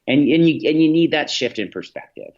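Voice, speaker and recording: A man's voice: fairly high pitch, expressive, fairly quick, darkish tone, highs cut off. A man, a podcast guest, telling reflective stories in an interview, with many restarts and fillers. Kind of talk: storytelling in an interview.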